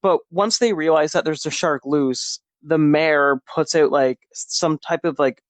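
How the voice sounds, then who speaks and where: Male podcast co-host, casual rambling film talk, slightly high voice, dry close sound. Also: a little slow, dry recording. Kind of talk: casual film review chat.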